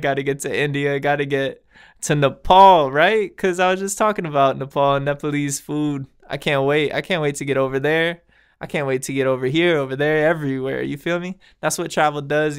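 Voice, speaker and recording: A man's voice: a little high, a bit bright, clear, resonant tone. A man hosting his own podcast, talking earnestly and casually to his listeners with frequent laughs and slangy asides. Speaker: podcast host. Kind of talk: casual spiritual monologue.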